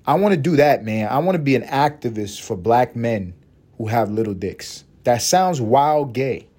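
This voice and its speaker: Man, podcast host, comedic monologue, very expressive pitch, crude, rambling. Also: normal speed. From Puerto Rico. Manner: crude, rambling, animated, slips into mocking voices and laughs.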